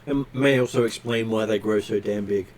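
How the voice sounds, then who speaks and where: A man narrating a tabletop game as game master, pausing often on fillers as he describes scenes. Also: lowish voice, a little mellow, slight background noise. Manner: hesitant, filler-heavy narration.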